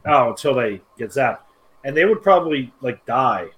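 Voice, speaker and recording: A man's voice: medium pitch, animated, normal speed, crowd noise. A man co-hosting a podcast, teasing his friend and swearing freely in casual banter. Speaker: podcast co-host.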